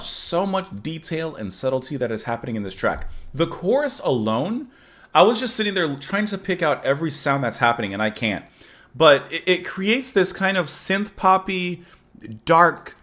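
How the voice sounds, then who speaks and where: A man in the middle pitch range with a lively, animated voice that rises and falls a lot. He talks casually and enthusiastically through an album reaction, thinking aloud with fillers and restarts and reading lyrics with feeling. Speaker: music reaction host. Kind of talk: casual music reaction and review.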